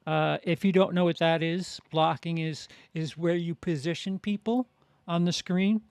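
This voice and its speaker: A man giving a casual spoken film review, halting and full of restarts. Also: fairly high pitch, fairly even intonation, creaky, a little mellow, smooth, no room sound. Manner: halting, many restarts and fillers.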